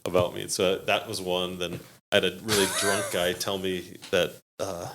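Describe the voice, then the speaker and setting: A podcast guest with a low voice tells stories casually at a moderate pace, animatedly acting out the voices of the people he quotes and laughing along. Background noise is audible.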